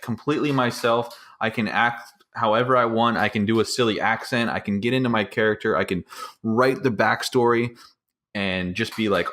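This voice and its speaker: A man's voice: low voice, a bit bright. A man co-hosting a casual podcast, talking enthusiastically and rambling with lots of filler words. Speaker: podcast co-host. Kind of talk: casual chat.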